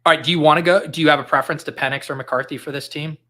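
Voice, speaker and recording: A man's voice: on the high side, steady tone, very fast, sharp tone. A man hosting a casual podcast, rattling off names and numbers and telling jokey stories. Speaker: podcast host. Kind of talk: casual podcast chat during a fantasy football draft.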